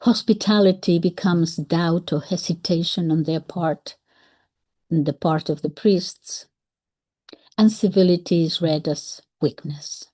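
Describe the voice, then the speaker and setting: A woman comments reflectively on the wording of a historical text, speaking slowly and in a measured way. Her voice is a little low, warm and mellow, and now and then she slips into soft whispered asides.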